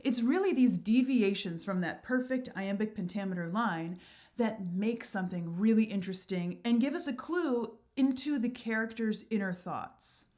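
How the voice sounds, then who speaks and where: A woman's voice: mid-range voice, normal speed, darkish tone. A woman hosting her own channel, explaining verse and meter in an upbeat, enthusiastic, teacherly way. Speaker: channel host.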